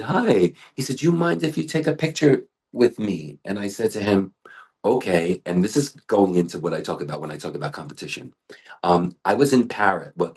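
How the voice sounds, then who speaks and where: A middle-aged man and hair artist talking in an interview, telling animated stories with frequent restarts. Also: sits low, slightly rough. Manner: animated storytelling with many restarts. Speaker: global ambassador and hair artist.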